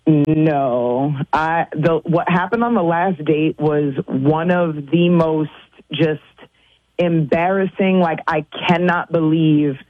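A woman's voice: low-pitched, slow, dry recording, narrow, tinny audio. A woman on a radio show telling an embarrassing date story, hesitant and restarting often. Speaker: caller.

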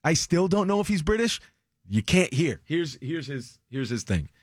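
A man co-hosting a morning radio show, bringing clips and reacting with animated disbelief. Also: fairly high pitch, moderate pace, slightly rough, no room sound, studio quality. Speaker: radio co-host. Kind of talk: casual morning radio banter. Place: radio studio. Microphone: studio microphone.

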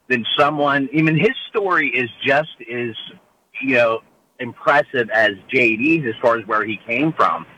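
A man from Pittsburgh with a Pittsburgh accent calls in to a radio show, his voice bright and forceful. He rambles through his points with plenty of fillers, over a faint hiss of line noise. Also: mid-range voice, low-quality recording. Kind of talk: phone-in call.

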